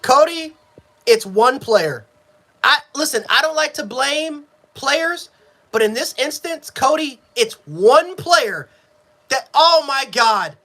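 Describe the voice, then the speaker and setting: A man streams live reactions to a game in a bright, forceful voice. His pitch jumps all over, from loud outbursts down to low, weary muttering. He swears freely and keeps repeating himself as the frustration builds. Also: expressive, slow. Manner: frustrated, repetitive, swings from yelling to muttering; profane. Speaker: sports fan streamer.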